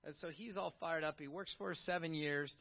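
A middle-aged man preaching a sermon in a conversational, animated way, full of rhetorical questions to the congregation. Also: on the high side, fairly quick. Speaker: pastor. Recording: dull lo-fi sound.

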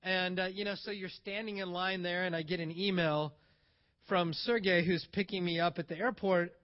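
A man with a fairly high voice tells a story casually and with energy. He acts out other people's lines as he goes. The recording is a bit dull and lo-fi. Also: steady tone, moderate pace. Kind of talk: casual spoken anecdote.

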